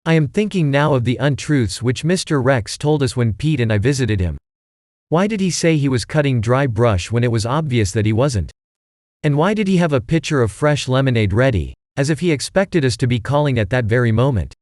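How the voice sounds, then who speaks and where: A man's voice: medium pitch, lively intonation, fairly quick, a little mellow, no room sound, clean studio sound, close to an everyday voice. A man voicing a bookish teenage boy detective who speaks in a precise, formal way, in a storybook reading. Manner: precise, stiff, formal wording.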